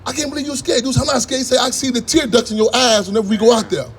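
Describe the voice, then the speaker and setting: A man's voice: very high voice, steady tone, very fast. A man giving a fiery, profane political talk to a crowd, telling rambling stories that draw call-and-response. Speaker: activist speaker.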